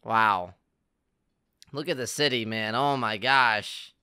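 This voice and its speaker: A man's voice: medium pitch, slow, sharp tone, smooth. A man reacting to an anime finale in casual, emotional commentary, exclaiming and laughing often. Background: anime soundtrack playing faintly.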